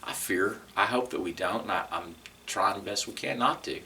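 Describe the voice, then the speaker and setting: A lower-pitched man with a Texan accent tells his story in an oral history interview. His voice is bright and forceful and sits a little back from the mic. He talks conversationally, restarting phrases and acting out the dialogue he recalls. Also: normal speed, recorded from a distance, slight background noise.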